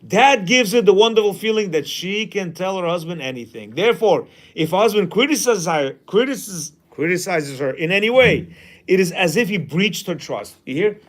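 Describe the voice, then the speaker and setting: A man's voice: sits high, expressive, normal speed, fairly bright tone. A man teaching a class in a casual way, reading a passage aloud and then commenting, often acting out quoted lines.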